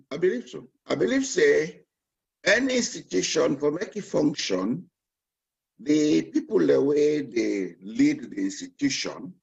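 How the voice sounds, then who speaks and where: A man with a Sierra Leonean Krio accent gives political commentary as a panel guest. He talks emphatically and repeats his key words like a preacher. His voice is gravelly and a little husky. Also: a little high, highs cut off. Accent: Sierra Leonean Krio-tinged.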